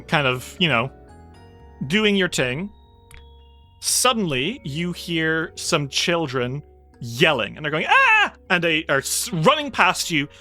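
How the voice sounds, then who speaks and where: A game master narrates a tabletop roleplaying session in a relaxed, meandering way with plenty of fillers. The delivery is slow but the pitch moves a lot. The tone is bright, and soft music plays underneath.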